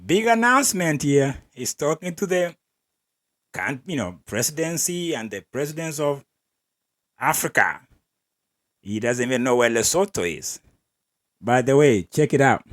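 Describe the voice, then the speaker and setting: A man's voice: on the high side, sing-song, unhurried. A man hosting an athletics podcast, giving wry, opinionated commentary and laughing between remarks. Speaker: podcast host.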